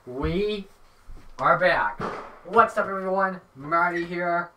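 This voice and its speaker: A man hosting and calling a simulated car race on a headset, excitable play-by-play that rises to near-shouts during the action. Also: high-pitched, takes it slowly, a little hiss or hum. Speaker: race commentator and host. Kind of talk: sim racing play-by-play commentary.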